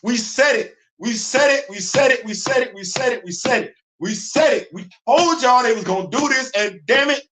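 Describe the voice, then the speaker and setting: Animated high-voiced man ranting. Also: moderate pace, hardly any pauses. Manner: animated, repetitive, laughing often, heavy slang. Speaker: host. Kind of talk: casual livestream commentary.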